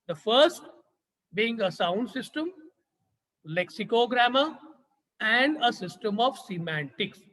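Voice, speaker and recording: Indian man, Maharashtrian English accent, lecturer, high voice, long hall reverb, teacherly repetition. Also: expressive, slow, pauses often, a bit bright. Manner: rhetorical questions, repeats and rephrases key phrases. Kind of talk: classroom lecture. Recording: long reverb from a large room.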